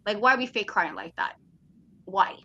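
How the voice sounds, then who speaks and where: A woman's voice: mid-range voice, huge pitch swings, moderate pace, pushed and bright, muffled recording. A young woman co-hosting a wrestling talk show, ranting with sass and exasperation and mimicking fake crying voices. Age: young adult. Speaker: co-host. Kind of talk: animated casual rant.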